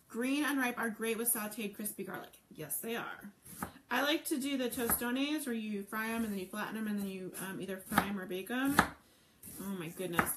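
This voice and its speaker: A woman's voice: on the high side, very noisy. Chatty woman cooking live. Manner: chatty, answers viewer comments while cooking; gushing over food. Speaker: cooking show host. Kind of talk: live cooking stream chat. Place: home kitchen.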